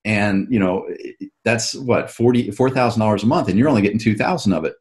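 A man's voice: lowish voice, a little fast, darkish tone. A man, an author and show host, talking casually in an interview and explaining at length with frequent restarts.

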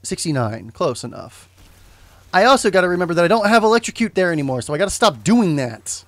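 A young man talks loosely over his gameplay, wandering off on asides and restarting his sentences. His voice sits a little high for a man. The sound is close and dry, with no room around it. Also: very animated, quick pace, fairly bright tone, no echo. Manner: rambling, self-correcting, joking asides. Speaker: game streamer. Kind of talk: casual gameplay commentary.

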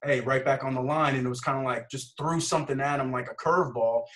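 A male football coach talks shop in a relaxed chat. His voice sits at an ordinary pitch, and he rambles through restarts and laid-back slang as he tells his stories. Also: quick pace, rough recording. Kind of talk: casual coaching conversation.

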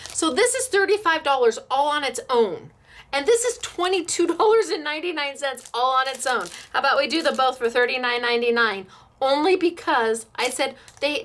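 A cheerful woman runs a craft shop's live demo. Her voice sits a little high, and she gushes over each product with easy laughter. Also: fairly bright tone. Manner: bubbly, gushing, laughs often. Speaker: craft shop host.

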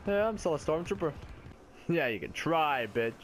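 A young man doing live gameplay commentary from a home gaming setup on a headset mic. His talk is excitable and sweary, and he often laughs at himself. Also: a little high, normal speed. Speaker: gaming YouTuber.

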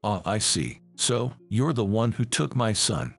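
A man's voice: on the low side, big pitch swings, a little slow, gravelly, a bit bright, slightly rough, soft background music, heavily acted. A man voicing a drunk, brazen woman who taunts and tries to extort a family, reading her lines with an impudent, mocking manner. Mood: taunting.

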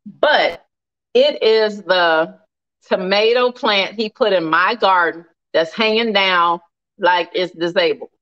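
A woman hosting a casual live cooking stream, animated and laughing often as she reads viewer comments aloud. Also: medium pitch, slow, dull audio.

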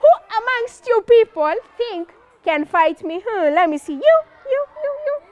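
A woman's voice: very animated, measured pace, exaggerated voice. A woman voicing a huge, boastful male giant warrior who taunts his enemies in a children's story. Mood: mocking. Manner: taunting, booming and scornful.

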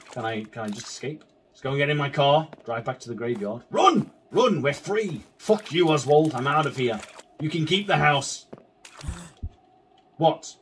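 A man's voice: on the high side, a little hiss or hum. A man commentating a horror game as he plays, swearing constantly and arguing back at it in an agitated way. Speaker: gaming video creator. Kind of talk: let's play commentary. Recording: distant mic with faint game music.

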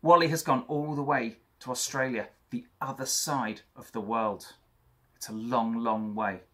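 A young man teaching an art lesson for children, chatty and talking straight to young viewers, with a husky voice. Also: mid-range voice, fairly even intonation, measured pace, a bit bright.

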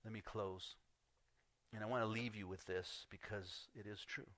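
A man's voice: fairly low pitch, fairly even intonation, moderate pace, a bit bright, no echo. A man preaching a sermon as pastor, telling a story with acted-out dialogue and frequent laughter.

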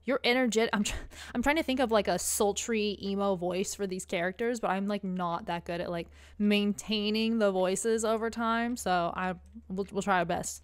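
A woman's voice: mid-range voice, normal speed, smooth. Giggly young woman gaming streamer. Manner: chatty, giggly, reading game text aloud. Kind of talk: let's play commentary.

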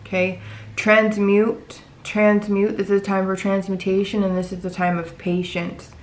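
A woman's voice: mid-range voice, level tone, measured pace. A woman giving a tarot reading to her viewers, reassuring and repeating phrases for emphasis. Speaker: tarot reader.

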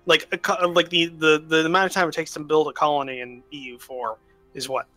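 Man, bright, slightly high, casual gaming chat, rambling, faint music behind. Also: flat delivery, fairly quick, no echo. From United States. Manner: rambling, laughing restarts. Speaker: host, game player.

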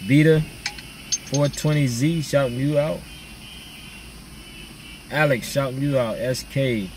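A man's voice: mid-range voice, slow pace, a little mellow, far from the mic. Laid-back man vlogger, casual slangy chat with viewers, a little off-mic, faint hum behind.

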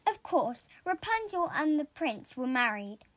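Storyteller: woman, high voice, slow and expressive picture-book reading. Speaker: storybook reader.

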